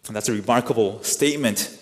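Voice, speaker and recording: A pastor delivers an expository sermon at a fairly quick pace, his middle-pitched voice earnest and teacherly. He often puts rhetorical questions to his listeners, and a long hall reverb lingers on his words.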